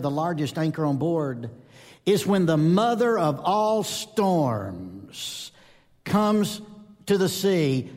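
Preacher with a lively sermon voice. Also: male voice, a little high. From North Georgia, US. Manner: emphatic, asks the audience questions, swings between loud and soft. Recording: long hall reverb.

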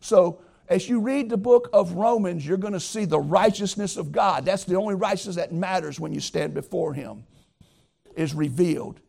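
A man's voice: high-pitched, moderate pace, creaky, a little mellow. A man preaching a sermon as pastor, earnest and emphatic, talking straight to his listeners.

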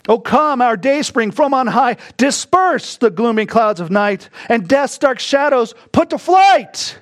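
High voiced guy preaching a sermon real slow, drops to almost a whisper then punches words up. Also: very animated. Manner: slow, reflective preaching that drops to a hush and rises to bursts of emphasis. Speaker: pastor.

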